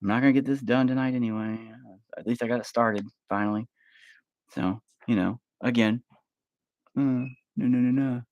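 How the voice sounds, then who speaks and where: A man's voice: medium pitch, steady tone, moderate pace, a little mellow, dry recording, muffled recording. A man rambling casually in a vlog, swearing often and calling the listener "bro", recorded on a handheld phone at home. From Oklahoma. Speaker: vlogger. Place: at home, kids nearby. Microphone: phone held up.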